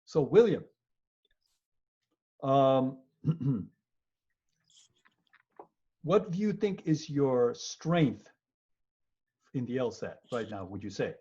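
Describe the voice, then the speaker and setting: A man teaching law in an online webinar, animated and joking, often repeating words and acting out people. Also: mid-range voice, drawn-out words, pauses often, breathy edge. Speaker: law professor. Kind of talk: lively webinar lecture. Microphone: video call. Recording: muffled webinar audio.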